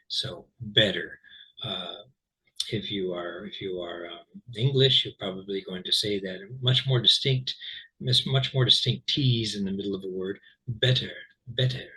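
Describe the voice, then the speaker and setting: A man with an American accent from Central California, teaching English pronunciation in a relaxed, chatty way, full of ums and repeating words slowly as examples. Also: lowish voice, husky, low-quality recording. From Central California, USA. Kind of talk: explaining pronunciation to learners.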